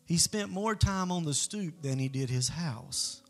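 A male preacher delivers sermon storytelling in an earnest, conversational manner. His voice sits slightly high and carries a gravelly fry. Soft instrumental music plays faintly underneath. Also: lively intonation, a little slow.

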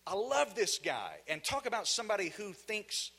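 Brief: Southern US male preacher, high bright voice, fiery call-and-response delivery in a church. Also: very animated, normal speed, creaky. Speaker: guest preacher. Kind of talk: energetic sermon. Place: church sanctuary.

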